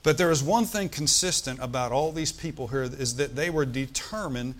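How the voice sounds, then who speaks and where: Energetic male pastor preaching. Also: mid-range voice, normal speed. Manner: energetic preaching, calls for congregation response, swings between loud and soft. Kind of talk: sermon.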